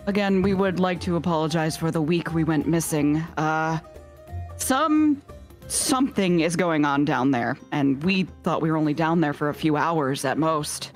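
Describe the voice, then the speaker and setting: A woman's voice: low voice, normal speed, soft background music. A woman playing in a tabletop game, making dry, wry asides. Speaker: player.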